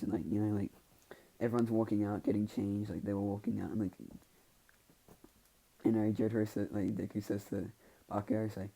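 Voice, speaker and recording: A man's voice: lowish voice, flat delivery, fairly quick, pauses often, warm tone, rough recording. A young man casually retelling a fan story, rambling with lots of filler words. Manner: rambling, filler-heavy, constantly says "like".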